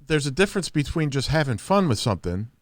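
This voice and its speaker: A man hosting a casual podcast, halting and repeating himself, often laughing. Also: fairly high pitch, very animated, no echo, clean studio sound. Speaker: podcast host.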